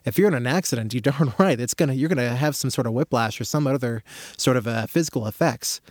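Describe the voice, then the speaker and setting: Man, casual explanatory talk, animated storyteller, middle pitch, dry close sound. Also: fast, no room sound. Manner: animated storyteller, acts out scenes with rising excitement. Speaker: practitioner explaining his therapy method.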